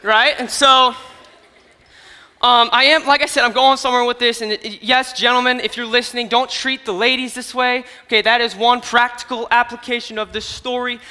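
A young man giving a comedic storytelling sermon at an event, animated and swinging from hushed to loud. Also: very high-pitched, normal speed, clear, resonant tone. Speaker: youth speaker at an event. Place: large hall at an event. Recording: hall reverb from a stage.

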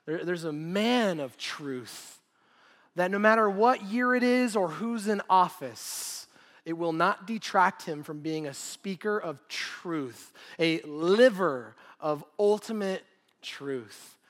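Brief: male pastor, relaxed and jokey sermon delivery, voice pitched a bit high. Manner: casual, joking, laughs between points.

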